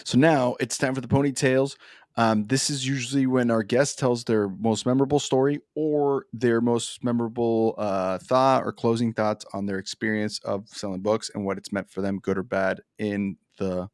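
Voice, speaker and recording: A man's voice: medium pitch, steady tone, moderate pace, darkish tone, no room sound, studio quality. A man hosting a podcast, chatting casually and joking, stumbling over a guest's name. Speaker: podcast host.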